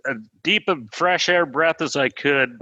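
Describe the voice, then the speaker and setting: A middle-aged man, an interview guest, telling a personal story in an earnest, plainspoken way and pausing when moved. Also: fairly high pitch, sharp tone, no echo, lo-fi sound.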